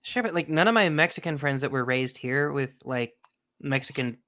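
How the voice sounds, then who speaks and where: An American man in casual chat, animated and mocking as he acts out quoted voices. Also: mid-range voice, normal speed, no echo. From United States.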